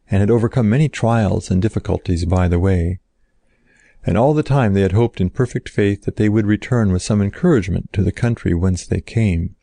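A man reading an old-fashioned story aloud in a slow, solemn narrating style. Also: fairly low pitch, creaky, mellow, no room sound.

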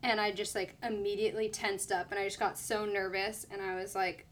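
A woman's voice: medium pitch, little pitch movement, fairly quick, hardly any pauses. A young woman telling a personal story in casual chat, full of fillers and acted-out quotes. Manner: chatty, lots of "like", quoting others.

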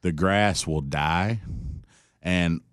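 A young man tells a story in a relaxed interview, slipping into the voices of others and laughing along. His voice sits very low. The sound is close and dry. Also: drawn-out words, clean tone, no echo. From Tennessee. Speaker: country singer guest.

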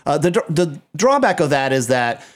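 A man's voice: on the high side, very animated, moderate pace. Rambling man in casual podcast chat. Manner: rambling, many fillers and restarts. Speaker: podcast co-host.

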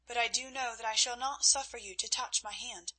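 A young noblewoman speaking in measured, grave words, stern yet gentle, read by a woman. Her voice is bright with a husky edge, a little higher than middle. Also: fairly even intonation, rough recording. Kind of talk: audiobook character reading.

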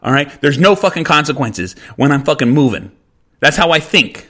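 A man's voice: fairly high pitch, very animated, normal speed, a bit bright. A man hosting his own podcast, ranting angrily with constant swearing and restarts. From United States. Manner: heated, repetitive, swearing, restarts mid-sentence. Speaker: podcast host. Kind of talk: angry profane rant.

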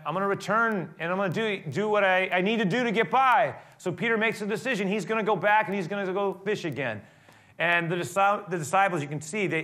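A man preaching a sermon, retelling a story in a conversational way that swells into emphatic high points. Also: a bit bright. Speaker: pastor.

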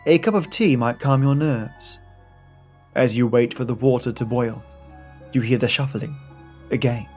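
A man narrating a scripted horror story in the second person, in a measured storytelling manner. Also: mid-range voice, a little mellow, faint music behind.

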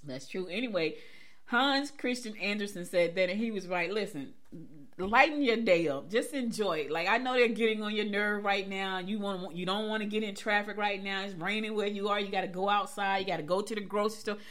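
A woman's voice: mid-range voice, brisk, fairly bright tone. A woman hosting a casual morning podcast, chatting and laughing with her listeners. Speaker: podcast host. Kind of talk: casual morning show talk.

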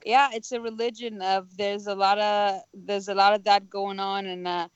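A woman from Israel, a comedian guest on a radio show, chatting wryly with frequent laughs and halting restarts. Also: mid-range voice, flat delivery, clear, resonant tone, no echo. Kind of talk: casual radio chat. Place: radio studio. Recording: dry, dull lo-fi radio studio sound.

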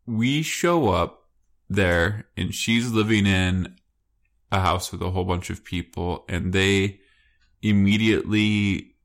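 Giggly teasing podcast guy, 30s, kinda low voice, keeps poking with questions. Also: slow pace. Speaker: podcast co-host. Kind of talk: casual podcast chat.

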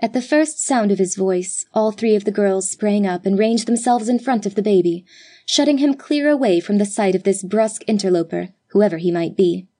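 A woman narrating a classic story aloud in a measured, expressive reading style. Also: mid-range voice. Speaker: audiobook narrator.

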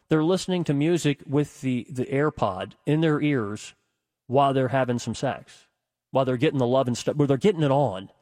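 Middle-aged radio guy, kinda high voice, dry close studio sound, rambles a lot with uh and restarts. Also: no echo. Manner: rambling, animated, many restarts and fillers. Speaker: radio talk show host. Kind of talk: casual radio talk monologue.

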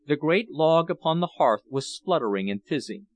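Man reading an old novel, lively ups and downs, slightly higher voice. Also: normal speed, no room sound. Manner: expressive storytelling. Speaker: audiobook reader. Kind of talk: scripted narration.

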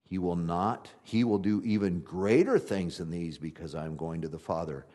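A man preaching a sermon in a conversational, folksy way, swinging from loud emphatic passages to quiet ones. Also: sits low, normal speed. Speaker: pastor.

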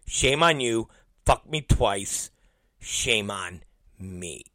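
A man tells a long, swear-filled story with a bright, lively voice that jumps up and down in pitch. He talks slowly and drops into low, mumbled impressions of the people he quotes. The sound is dry and close. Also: dry recording. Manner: acts out both sides of conversations, swears constantly; animated, mimics others in low mumbling voices. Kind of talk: profane storytelling rant.

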